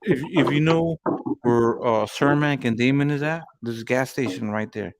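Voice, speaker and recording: A man's voice: medium pitch, moderate pace. Profane, rambling man telling street stories. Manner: profane, rambling storyteller with constant "you know what I'm saying". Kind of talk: casual chat.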